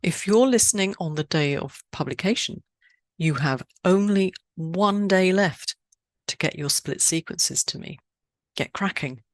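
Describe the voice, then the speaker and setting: A woman from Switzerland hosting a poetry podcast, speaking in a measured, deliberate way with lifts on key words. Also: on the low side, lively intonation, dry recording, studio quality. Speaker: podcast host. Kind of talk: scripted podcast narration.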